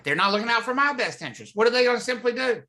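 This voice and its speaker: A man's voice: extremely high pitch, lively intonation, very fast, sharp tone. A man teaching a real estate class, talking conversationally and often asking the students questions. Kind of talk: live classroom lecture. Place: classroom or live online class.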